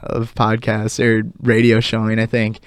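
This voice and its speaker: A man's voice: fairly low pitch, unhurried, clear, resonant tone, no echo. Young male co-host, easygoing, filler-heavy, dry studio sound. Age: young adult. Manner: relaxed, filler-heavy, laughs often. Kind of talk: casual chat. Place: college radio studio.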